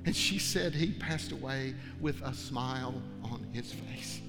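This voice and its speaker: A man preaching a sermon as a pastor, telling a personal story dramatically, dropping to hushed tones and rising to fervent preaching. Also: medium pitch, unhurried, over loud music. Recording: long hall reverb.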